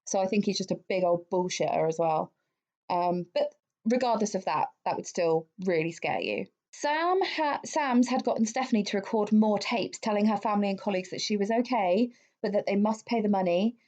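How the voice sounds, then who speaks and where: This podcast co-host, a woman, has a medium-pitched, slightly mellow voice and a moderate pace. She chats her way through a true-crime case with lots of swearing and fillers, recorded in dull lo-fi audio.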